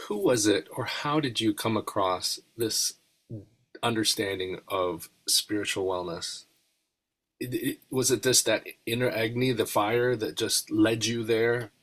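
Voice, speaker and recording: A man's voice: on the low side, a little slow, a bit bright. A man hosting a podcast, asking thoughtful, probing questions. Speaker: podcast host. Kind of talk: interview questions.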